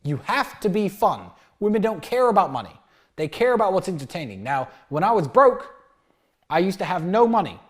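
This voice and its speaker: Brash, lively-voiced man lecturing. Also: high-pitched, moderate pace. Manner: blunt, brash and crude; acts out little dialogues in different voices. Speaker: dating and lifestyle talker. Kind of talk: motivational monologue.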